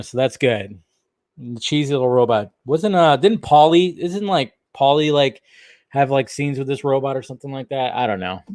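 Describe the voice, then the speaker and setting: A man chatting casually about movies, rambling, restarting his sentences and swearing freely. His voice sits a little high for a man, and the recording is close and dry with no room sound. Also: dry recording. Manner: rambling, loose and profane, with many restarts. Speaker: movie news channel host. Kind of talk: casual video commentary.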